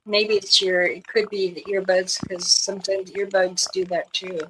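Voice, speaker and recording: A woman's voice: medium pitch, level tone, normal speed, fairly bright tone, a little hiss or hum, low-quality recording. A woman hosting a livestream in casual chat, sorting out audio trouble with her guests. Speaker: livestream host.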